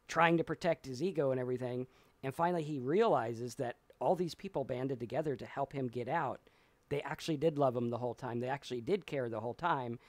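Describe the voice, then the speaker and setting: A man's voice: medium pitch, no room sound. A man co-hosting a casual live talk, reading viewer comments and telling stories at length. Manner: rambling storyteller, acts out voices. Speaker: podcast co-host.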